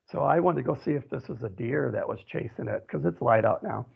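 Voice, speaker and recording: Gravelly-voiced man on a phone line. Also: medium pitch, expressive, a little fast. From central Wisconsin. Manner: rambling storytelling with frequent "you know". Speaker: radio show guest. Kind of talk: telling a personal story in an interview.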